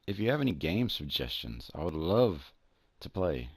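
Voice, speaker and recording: Deep-voiced southern man rambling over gameplay. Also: sing-song, slightly rough, no room sound, clean studio sound. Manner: rambling, restarts, drawn-out words. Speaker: gaming channel host. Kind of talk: casual gameplay commentary.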